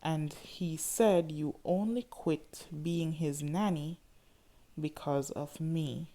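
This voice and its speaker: A woman reading the lines of a tender, apologetic man in an audiobook, in a soft, pleading way. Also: deep voice, takes it slowly. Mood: explaining.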